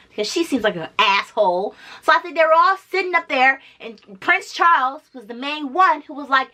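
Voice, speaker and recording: Woman vlogger, casual reaction commentary, blunt, swears a lot, repeats for emphasis, bright voice, pitched a bit high. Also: expressive, fairly quick, hardly any pauses.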